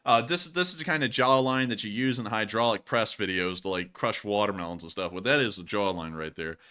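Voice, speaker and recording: A man's voice: lowish voice, brisk, bright, forceful tone, clear, resonant tone. A man hosting a live-streamed war news show, answering viewer questions in casual chat, laughing often and joking loosely.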